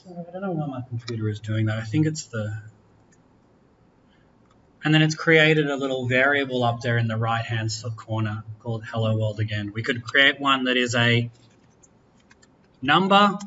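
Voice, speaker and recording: A man teaching a university class, walking students through software in a relaxed, chatty way, correcting himself and joking as he goes. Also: mid-range voice, normal speed, pauses often, lo-fi sound, slight background noise. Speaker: university lecturer. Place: lecture room.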